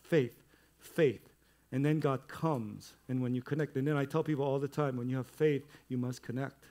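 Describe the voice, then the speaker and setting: A middle-aged male pastor giving a sermon in a conversational way, building to loud, emphatic stretches. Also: mid-range voice, normal speed.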